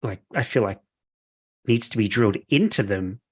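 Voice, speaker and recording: A man's voice: fairly low pitch, normal speed, husky. A middle-aged man hosting a podcast, enthusiastic and encouraging in casual chat. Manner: enthusiastic, encouraging, laughs easily. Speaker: podcast host.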